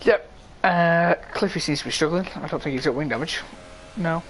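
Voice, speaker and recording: A man's voice: on the high side, moderate pace, a bit bright, a little hiss or hum, low-quality recording. A man co-commentating an online racing game, his voice straining as his throat gives out.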